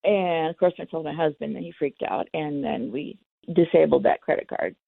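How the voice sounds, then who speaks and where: A woman recounts her own experience in an interview, candid and quick to act out both sides of a conversation. Her voice sits low and gravelly. It comes through a tinny, dry phone line. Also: steady tone, no echo. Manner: candid, acts out the dialogue. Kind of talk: personal storytelling.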